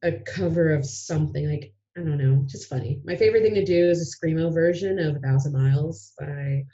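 A woman's voice: low voice, a little fast, warm tone, dull audio. A woman chatting as a podcast guest, giggly and rambling, often trailing off. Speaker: podcast guest, drag performer. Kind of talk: casual chat.

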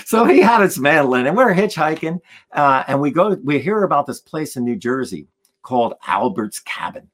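Animated male storyteller, lively voice. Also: fairly high pitch, normal speed. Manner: animated, acts out the voices of people in his stories. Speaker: guest musician. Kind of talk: storytelling in a conversation.

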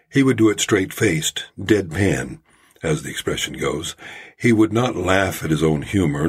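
Deep, husky-voiced storytelling podcast host. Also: male voice. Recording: home-made podcast audio.

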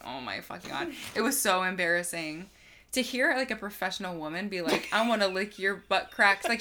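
A young woman co-hosting a podcast, telling a long story in loose casual chat. She rambles through constant "like" fillers and swears freely, at a middle pitch for a woman. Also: pushed and bright, a little hiss or hum. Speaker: podcast co-host.

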